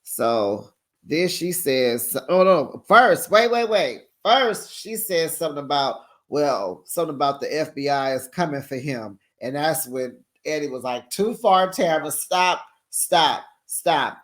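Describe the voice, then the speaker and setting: A host with a mid-pitched voice gives a sassy, gossipy reality TV recap, talking straight to the viewers. The pace is slow and unhurried, with lots of drawn-out asides. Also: expressive. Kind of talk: casual commentary recap.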